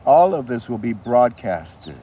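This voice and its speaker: A man's voice: mid-range voice, big pitch swings, unhurried, lo-fi sound, a little hiss or hum. Man, casual rambling monologue, outdoors, faint bird sounds behind. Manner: rambling, restarts, chats to chickens. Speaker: channel host. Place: outdoors with chickens.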